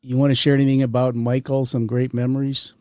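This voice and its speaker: A middle-aged man hosting a podcast interview, talking in an energetic, rambling way and turning to address his listeners directly. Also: medium pitch, fast talker, no echo, studio quality. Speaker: podcast host. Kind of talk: conversational interview.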